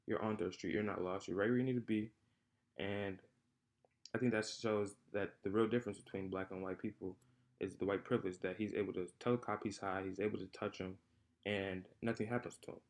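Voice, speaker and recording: A young man giving an unscripted class presentation, hesitant, with frequent fillers and repeated phrases. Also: on the low side. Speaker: student presenter. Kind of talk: spoken class presentation on comedy.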